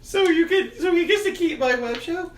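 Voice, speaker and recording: A man putting on a squeaky falsetto to play an indignant young woman, in an echoey room. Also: expressive, moderate pace, distant mic. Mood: exasperated.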